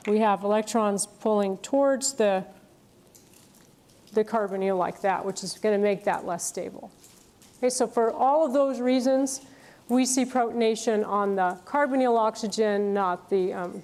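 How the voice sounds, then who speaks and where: A woman with a fairly high voice delivers a university lecture. She explains patiently, pausing on fillers and checking that students follow along. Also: a little mellow. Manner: explanatory, checks in with "okay?" and "right?". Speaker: chemistry lecturer.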